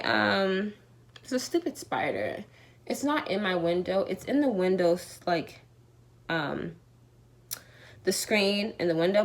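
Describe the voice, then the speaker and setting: Young woman vlogger, high voice, very lively pitch, blunt and profane. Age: 20s. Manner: animated, acts out both sides of the exchange, swears freely. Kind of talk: casual storytime vlog. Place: home, in the evening. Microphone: phone or camera held close.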